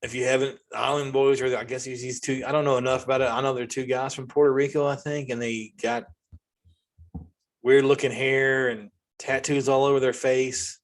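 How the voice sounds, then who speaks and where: A man, ranting through a casual comedy monologue as host. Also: normal speed. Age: 40s. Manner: ranting, animated, jumps to high-pitched outbursts.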